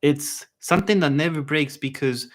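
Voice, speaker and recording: A man giving a live online saxophone lesson, relaxed and chatty, often checking in with his viewers and singing phrases to show them. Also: a little high, normal speed, slight background noise. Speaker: saxophone teacher.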